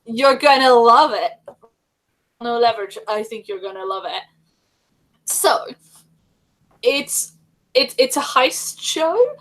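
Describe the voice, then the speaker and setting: A woman's voice: high-pitched, very animated, slow, long pauses, fairly bright tone, poor audio. A woman hosting a casual livestream chat, talking in a rambling way with many fillers and restarts. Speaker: livestream host.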